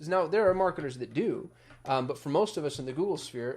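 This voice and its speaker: A man's voice: on the high side, expressive, a little fast, a little mellow. A man hosting a casual marketing explainer, chatty, with many ums and restarts, getting fired up as he goes. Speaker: marketing agency host.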